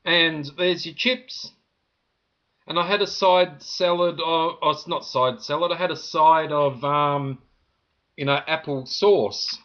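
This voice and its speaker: A man's voice: fairly high pitch, fairly even intonation, takes it slowly, pushed and bright, dull audio. A man from Australia with an Australian accent, rambling indignantly to camera about a complaint, with lots of "you know" fillers. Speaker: vlogger.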